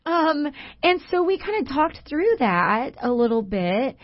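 A woman's voice: high-pitched, big pitch swings, unhurried, few pauses, lo-fi sound. A woman co-hosting a Christian radio talk show in a studio, telling stories about friends in an earnest way with frequent fillers. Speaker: radio show co-host and coach. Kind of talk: faith-based radio talk.

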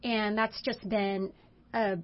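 A middle-aged woman co-hosting a casual talk show, telling lively stories about her son and acting out voices. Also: mid-range voice, slow pace. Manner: animated storyteller, acts out voices in anecdotes. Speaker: co-host. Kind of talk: casual chat. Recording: dull lo-fi sound.

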